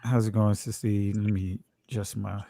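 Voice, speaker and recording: A man joins a livestream as a guest pastor, talking calmly and easily. His voice is fairly low and warm. He is heard dry through his tablet. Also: moderate pace, creaky, no echo. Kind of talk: casual livestream chat.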